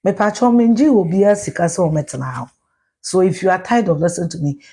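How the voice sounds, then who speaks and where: A middle-aged Ghanaian woman with a Ghanaian accent, ranting loudly and profanely in a live video, slipping into Twi. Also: on the low side, expressive, quick pace, husky. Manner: loud, profane, mixes in Twi. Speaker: social media personality.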